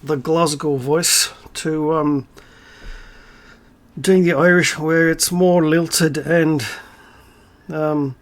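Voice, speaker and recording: A man with a somewhat high-pitched voice rants straight to his viewers in a solo vlog. He is sarcastic and irreverent and swears freely, punching key words with sudden emphasis. He breaks into laughter between points. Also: very slow. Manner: animated, with bursts of emphasis and laughter. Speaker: channel host. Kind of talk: ranting solo vlog monologue.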